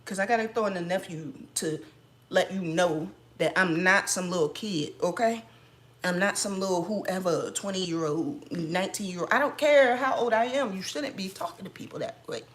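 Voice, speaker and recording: A mom vlogger telling an animated, sassy story with frequent laughs in a casual chat at home. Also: female voice, on the low side, normal speed.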